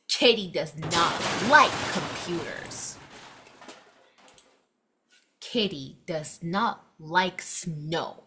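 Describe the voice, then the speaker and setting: A young woman teacher reading a picture book aloud to children and leading a phonics lesson, with exaggerated, expressive delivery. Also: on the low side, noisy background. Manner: animated, exaggerated expression with gasps, slow clear delivery.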